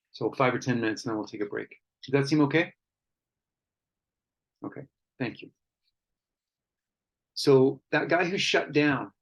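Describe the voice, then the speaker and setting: A man's voice: medium pitch, highs cut off. Earnest man leading a workshop. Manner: reads out participants' comments and reflects on them; earnest and conversational, with frequent restarts. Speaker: workshop facilitator. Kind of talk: teaching an online workshop.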